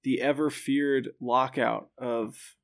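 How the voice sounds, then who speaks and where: A man's voice: mid-range voice, little pitch movement, slow pace, vocal fry. A man co-hosting a podcast, teasing his co-host with dry humor. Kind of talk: casual chat.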